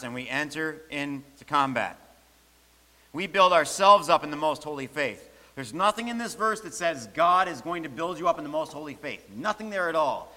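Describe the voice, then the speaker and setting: A man's voice: fairly high pitch, pushed and bright. A man preaching a sermon, emphatic and repeating key phrases for stress. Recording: long hall reverb.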